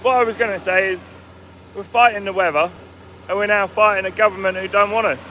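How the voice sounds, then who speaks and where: Farmer guy nattering away on a live stream from his sprayer, highish voice, mic a bit far off. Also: steady tone, a little fast, pushed and bright. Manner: chatty, greets viewers by name. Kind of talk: casual live stream chat. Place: sprayer cab on a farm field. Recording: mic at a distance, vehicle noise.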